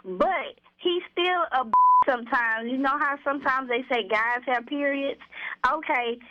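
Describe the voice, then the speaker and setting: A woman's voice: high voice, unhurried. Brash woman caller, forties, muffled phone sound. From Corpus Christi, Texas. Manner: brash, boastful, swearing freely. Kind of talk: casual call-in radio chat. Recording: muffled phone line with noise.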